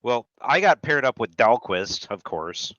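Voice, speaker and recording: A man's voice: mid-range voice, big pitch swings, unhurried, a bit bright, dry recording. A middle-aged man who trained in law enforcement, telling army and police stories in a matter-of-fact, casual way. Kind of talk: casual profane chat. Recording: dry dull lo-fi sound.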